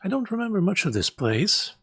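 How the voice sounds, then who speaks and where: A man's voice: high-pitched, very animated, brisk, fairly bright tone, slightly rough, no room sound. A man giving casual gameplay commentary, thinking aloud with a wry, muttering manner. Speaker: let's play host.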